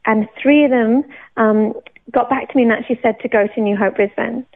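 A woman's voice: fairly high pitch, fairly quick. Woman telling her faith story, tinny. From England. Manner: animated, laughs often, acts out her own quoted thoughts. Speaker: churchgoer sharing her testimony. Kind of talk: personal faith testimony, storytelling. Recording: tinny phone-like sound.

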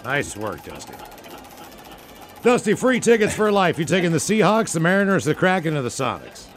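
A man co-hosts a comedy radio show, upbeat and playful. His voice sits slightly high and moves with lively animation. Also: normal speed, soft background music. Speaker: radio co-host.

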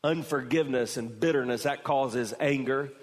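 A man preaching a sermon as pastor, moving from slow, quiet phrasing to raised, emphatic delivery. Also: mid-range voice, big-room sound.

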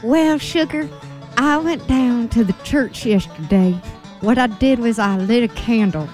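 A woman's voice: on the high side, a little slow, a little mellow, faint music behind, natural voice. A woman doing a prim Southern church lady. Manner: sugary drawling indignation.

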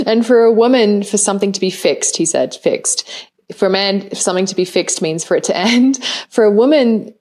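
A woman's voice: mid-range voice, animated, a little fast, darkish tone. A woman hosting a podcast who talks emotionally, laughs often and swears casually. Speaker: podcast host. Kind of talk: podcast interview.

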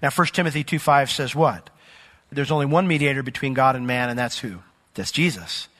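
A man's voice: medium pitch, brisk, a bit bright, big-room sound. A male pastor preaching a sermon in a conversational way, reading from the Bible and asking the congregation questions.

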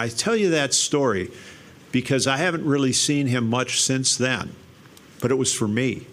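A man's voice: medium pitch, a bit bright, slight background noise. An older man telling his life story to an audience, animatedly acting out the voices in his quotes. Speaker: speaker sharing his testimony.

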